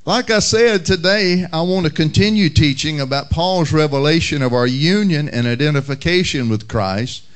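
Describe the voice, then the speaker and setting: A male pastor praying and preaching a sermon in a measured, unhurried way, with occasional fillers. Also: a little high, clear, resonant tone. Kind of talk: sermon with prayer and humorous story.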